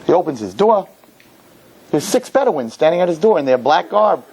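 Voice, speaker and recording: A rabbi giving a lecture, telling a funny story and acting out its characters before drawing a lesson. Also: male voice, fairly high pitch, normal speed, breathy edge, rough recording. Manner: animated storyteller, jokes, acts out characters. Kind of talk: humorous sermon lecture.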